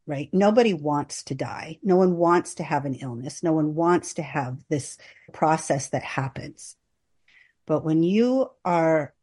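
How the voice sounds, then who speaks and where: A woman hospice nurse speaking as a podcast guest, earnest and measured, partly reading aloud from her own book. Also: low-pitched, warm tone. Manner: earnest and measured, reads with long list-like pauses.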